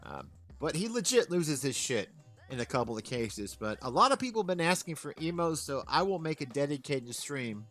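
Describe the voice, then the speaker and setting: A man's voice: a little high, very animated, moderate pace, fairly bright tone, soft background music. A man hosting a live stream, chatting casually with rambling fillers. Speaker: stream host. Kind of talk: casual commentary.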